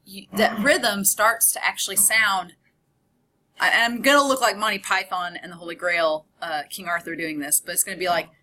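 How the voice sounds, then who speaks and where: Bright-voiced woman giving a lecture. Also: medium pitch, fairly even intonation, normal speed. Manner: conversational, explains with examples and asides. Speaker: college English instructor. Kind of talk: recorded online lecture. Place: recorded lecture video.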